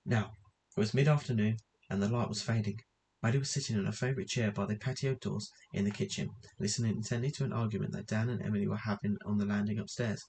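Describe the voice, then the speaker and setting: Low-voiced man reading a novel aloud. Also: quick pace, vocal fry, slight background noise, rough recording. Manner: steady reading with occasional slips and restarts. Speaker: audiobook reader.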